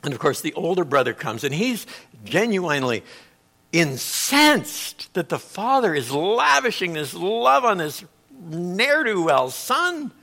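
A middle-aged man preaching a sermon, telling a Bible story with animated delivery and big swings between loud and quiet. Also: high-pitched, unhurried, creaky. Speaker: pastor.

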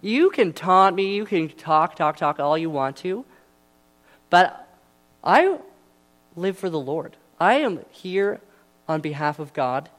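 A man's voice: sits high, animated, takes it slowly, pauses often, fairly bright tone, exaggerated voice. A man doing a defiant young shepherd. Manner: firm, defiant declaration. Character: young confident shepherd boy hero.

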